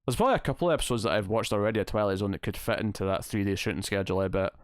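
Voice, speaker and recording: A man's voice: on the low side, rapid-fire, no room sound, clean studio sound. Chatty man hosting a livestream. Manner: rambling, chatty, laughs at himself. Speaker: livestream host. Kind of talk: casual livestream chat reading viewer comments.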